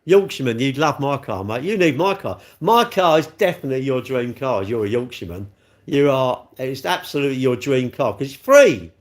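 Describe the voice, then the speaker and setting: This middle-aged livestream host, a car dealer, speaks a little fast at a medium pitch with lively intonation. He chats bluntly, reading out viewer comments, making self-mocking remarks, and laughing frequently.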